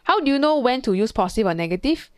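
A woman's voice: fairly high pitch, very animated, fast talker, clear, resonant tone, no echo, studio quality. A woman physics tutor, talking through an exam question in a chatty way, thinking aloud and imitating sounds. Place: classroom.

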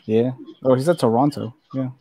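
Mellow-voiced man hosting a stream. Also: medium pitch, fairly even intonation, brisk, no room sound. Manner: playful, banters back and forth. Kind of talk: casual chat.

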